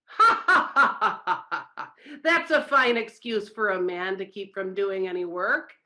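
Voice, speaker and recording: A woman's voice: mid-range voice, lively intonation, normal speed. A woman voicing a bossy, angry male factory foreman who scolds and mocks. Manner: loud, scolding, mocking laughter.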